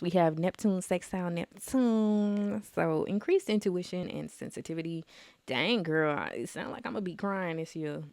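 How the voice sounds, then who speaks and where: A woman's voice: sits low, creaky, darkish tone, no room sound, clean studio sound. A young woman vlogging in a casual, chatty way, telling dramatic stories with plenty of slang. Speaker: astrology vlogger. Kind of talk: casual chat to camera.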